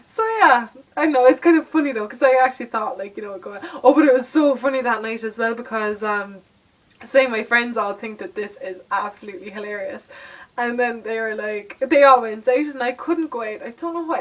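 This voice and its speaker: A woman's voice: fairly high pitch, far from the mic, rough recording. A young Irish woman vlogging, telling a story casually to camera with lots of fillers and laughter.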